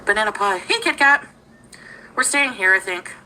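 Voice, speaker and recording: A woman's voice: mid-range voice, animated, normal speed, pushed and bright, a little hiss or hum, low-quality recording. A woman talking casually on a livestream, greeting viewers by name and giggling often.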